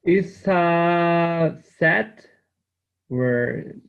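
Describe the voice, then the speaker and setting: A man's voice: fairly high pitch, extremely slow, creaky, clean tone. A man answering as a student in an online class, hesitant and searching for words. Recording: tinny phone-like line.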